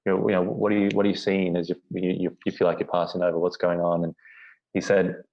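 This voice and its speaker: Deep flat-voiced man, rambling. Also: fast. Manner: rambling, many "you know" fillers and restarts. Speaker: podcast guest. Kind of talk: reflective storytelling. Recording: dull lo-fi audio.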